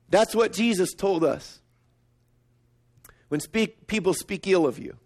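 A middle-aged man preaching a sermon, emphatic and storytelling, swinging up to excited peaks. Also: unhurried, pauses often. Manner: storytelling, emphatic, rising to high excited pitch. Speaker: pastor.

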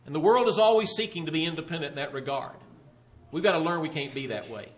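Animated male preacher with lively pitch. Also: quick pace. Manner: animated storytelling, voicing the questioners. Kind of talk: sermon.

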